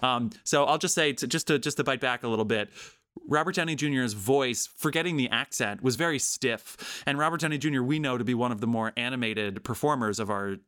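A man hosting a podcast, talking about films in a rambling, animated way with many restarts. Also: medium pitch, fairly quick, smooth, no room sound, studio quality. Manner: rambling, animated, self-interrupting. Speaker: podcast host. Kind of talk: casual film discussion.

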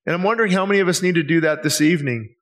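Male pastor, slightly high voice, earnest and pleading sermon delivery, lots of rhetorical questions. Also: very fast, a bit bright. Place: church service.

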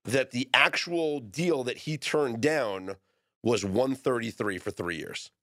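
A man's voice: medium pitch, slow pace, fairly bright tone, no echo, studio quality. A man hosting a sports talk show, steadily explaining news items and reading out posts to his guest. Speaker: sports radio host.

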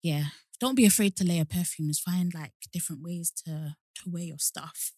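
A woman's voice: fairly low pitch, moderate pace, warm tone, no room sound. A young woman, co-hosting a casual chat and talking easily, laughing often. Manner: chatty, laughs easily, spells out names. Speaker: podcast co-host.

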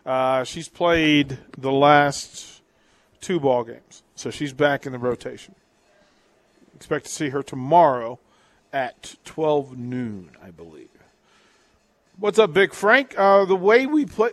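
A male sports radio host talks casually and loosely, often restarting his sentences as he reads out listener texts. His voice sits fairly high for a man. The sound is dry and close, with no room echo. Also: expressive, slow. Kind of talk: casual call-in sports talk.

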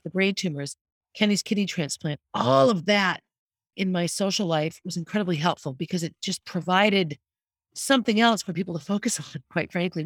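A woman's voice: on the low side, no echo, studio quality. A middle-aged woman hosting a podcast, talking candidly and earnestly in a reflective monologue. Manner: candid and earnest, speaking openly about grief. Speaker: podcast host.

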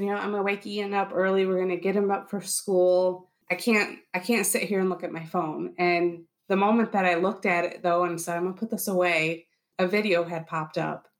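A woman in her thirties giving an earnest personal testimony in an interview, reliving events and quoting her own thoughts. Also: on the low side. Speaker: interviewee, bereaved military spouse.

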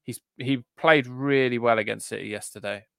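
A man's voice: medium pitch, normal speed, vocal fry, fairly bright tone, smooth, no room sound, clean studio sound. A man co-hosting a podcast in casual, chatty, self-deprecating talk. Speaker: podcast co-host. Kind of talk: casual chat.

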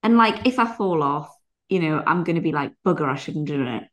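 A woman's voice: low-pitched, lively intonation, a little fast, a bit bright. A woman co-hosting a podcast, rambling through sweary anecdotes and acting out what people said. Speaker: podcast co-host. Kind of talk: casual chat.

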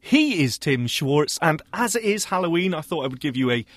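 A man co-hosts a radio tech show with a fairly high-pitched voice. He trades teasing, jokey banter and laughs easily. The studio sound is close and dry, with no room around him. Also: sing-song, fairly quick, dry recording. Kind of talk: casual tech radio chat.

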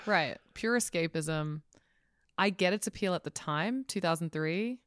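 A woman's voice: lowish voice, a little slow, fairly bright tone, no room sound, clean studio sound. A woman co-hosting a casual movie review podcast, blunt and sarcastic, swearing freely. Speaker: podcast co-host.

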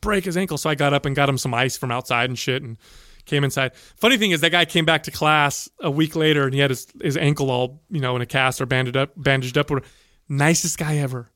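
A man telling a story in casual chat, animated and profane, acting out the voices of the people in it. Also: mid-range voice, fast, no echo, clean studio sound.

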